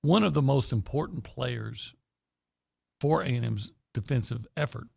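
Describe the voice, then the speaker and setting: A man co-hosting a sports talk radio show, measured and teasing as he trades banter. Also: medium pitch, vocal fry, a little mellow, breathy edge, no room sound, clean studio sound. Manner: measured, teasing, with playful put-on quotes. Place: radio studio.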